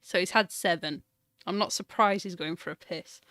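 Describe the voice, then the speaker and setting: A woman's voice: fairly low pitch, normal speed, fairly bright tone. A woman with a Yorkshire accent, chatting and teasing her partner on a casual live stream.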